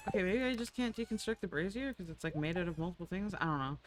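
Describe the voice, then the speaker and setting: A woman's voice: on the low side, animated, fast, slight background noise, low-quality recording. A woman streamer chatting casually while playing a farming game, swearing freely and cooing at her in-game animals. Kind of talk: casual gameplay chat.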